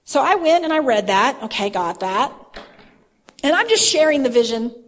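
A woman telling about a religious vision in a chatty, animated way with lots of fillers. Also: sits high, moderate pace. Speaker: Christian vision sharer. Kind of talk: casual testimony talk. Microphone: phone, handheld.

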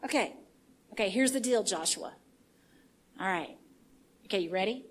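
A woman preaching a sermon in an animated way, swinging from hushed asides to shouting. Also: medium pitch, normal speed, slight background noise.

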